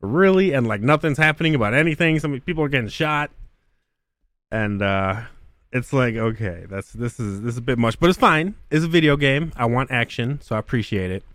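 A man's voice: medium pitch, expressive, fairly quick, fairly bright tone, no echo, clean studio sound. A man hosting a casual podcast, ranting about a game with constant profanity and mockery. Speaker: podcast host. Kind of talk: crude casual podcast chat.

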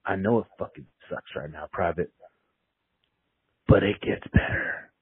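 A man voicing a calm male drill sergeant who quietly reassures a recruit in a low, near-whispered voice, heard over a dry, tinny, phone-like recording. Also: a little slow, breathy edge, dry recording. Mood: quietly reassuring.

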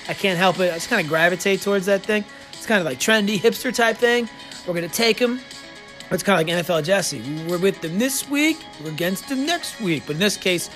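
A man hosting a podcast, giving sports betting picks in a casual, sarcastic way with quick joking asides. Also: sits high, a bit bright.

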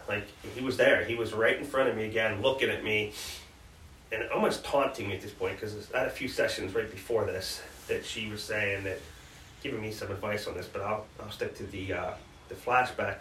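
Fairly low-pitched and sharp in tone, a male podcast co-host earnestly tells of difficult memories in conversation, with many restarts. The recording has a roomy feel from a distant mic, plus faint background noise.

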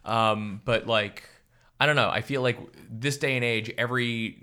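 A man, a teacher and podcast guest, chatting casually and telling animated stories, acting out quoted voices and swearing freely. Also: medium pitch, moderate pace, clear, resonant tone. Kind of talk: casual chat.

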